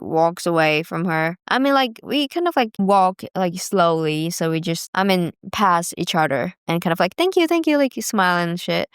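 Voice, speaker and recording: A woman's voice: medium pitch, clear, resonant tone, no echo, clean studio sound. A young woman casually telling stories to the camera, chatty with lots of fillers and laughs. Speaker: vlogger.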